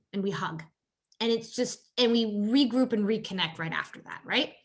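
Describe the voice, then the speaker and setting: A woman health coach giving a workshop presentation on caregiver stress. She talks conversationally, often tagging "you know" and "right?", and acts out quoted exchanges in a higher voice. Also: normal speed.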